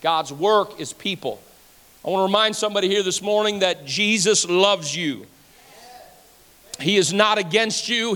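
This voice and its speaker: A man preaching a sermon as pastor, building repeated refrains up to shouts, with a folksy manner and drawled fillers. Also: sits high, a little slow. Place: church sanctuary. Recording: long reverb of a church hall.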